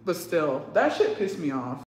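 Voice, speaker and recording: A woman's voice: low-pitched, unhurried, reverberant, noisy background. A young woman hosting a casual livestream, telling stories animatedly, swearing often and slipping into Spanish phrases. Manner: swears freely, slips into Spanish; animated storyteller. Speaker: livestream host.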